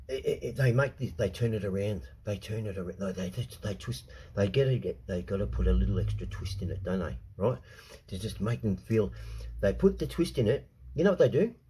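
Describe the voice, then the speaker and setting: A man's voice: lowish voice, mellow, breathy edge. A man with an Australian accent, ranting in a casual vlog monologue. He swears a lot, repeats himself, and keeps tagging his sentences with "right?". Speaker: vlogger.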